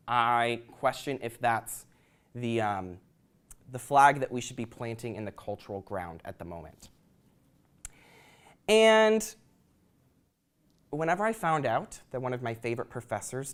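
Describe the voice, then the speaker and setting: A man's voice: mid-range voice, clear, resonant tone. A young man giving a prepared talk to an audience, earnest and reflective, with occasional ums. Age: young adult. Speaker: student speaker.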